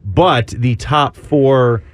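A man's voice: mid-range voice, drawn-out words, no echo. Man, sports talk host, dry close studio sound, loose and jokey. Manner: joking, rambling, easily sidetracked. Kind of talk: casual banter.

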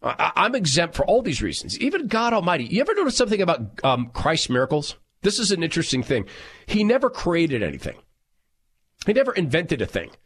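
Loud, animated husky-voiced radio host. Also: male voice, on the high side, brisk. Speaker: radio talk show host. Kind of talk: talk radio monologue reading listener texts.

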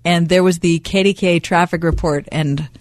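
A woman's voice: on the low side, fairly even intonation, moderate pace, no echo. A woman co-hosting a radio show, trading casual banter and telling stories with a teasing wit. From Pittsburgh. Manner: chatty, storytelling, teasing.

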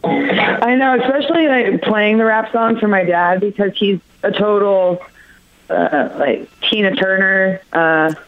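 A woman's voice: mid-range voice, a little slow, a little hiss or hum. Female guest, chatty storyteller, laughs a lot, lo-fi muffled recording. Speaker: interview guest. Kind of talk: casual interview. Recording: dull lo-fi audio.

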